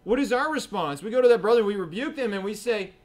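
A man with a high-sitting, slightly mellow voice talks fast and with animation as he preaches a sermon in church. His tone is conversational; he acts out what people say and keeps checking in with "right?"

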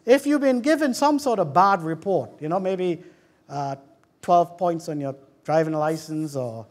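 A man with a British accent preaching a lively sermon in church, calling out to the congregation and joking with them. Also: on the high side, unhurried. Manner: fervent, calls out to the congregation and jokes. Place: church hall.

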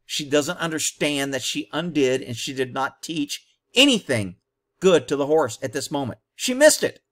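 A man's voice: on the high side, lively intonation, moderate pace, a bit bright. A man hosting a commentary on a training video, talking bluntly and combatively in short, punchy explanations.

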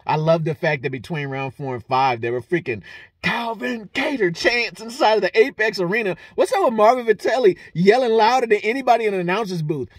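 Husky, lively man breaking down a fight. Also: high-pitched, brisk, dry recording, studio quality. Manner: animated, profane, laughs often. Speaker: fight analyst vlogger.

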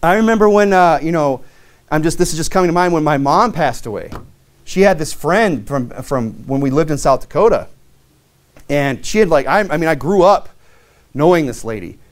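Delivering his sermon at a moderate pace, an animated pastor talks plainly and earnestly with lots of fillers. He reads aloud from the King James scripture, pitching up on key verses.

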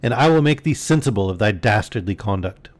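A man voicing an old would-be knight who speaks in a grandly formal, declaiming way, raised above his usual pitch. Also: lively intonation, brisk, close to an everyday voice. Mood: angry. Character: proud, indignant old would-be knight, male.

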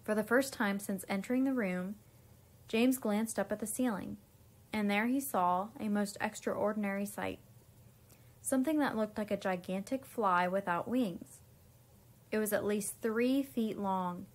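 In a mid-range voice, a teacher reads a children's storybook aloud at an unhurried pace. She makes small slips and restarts now and then.

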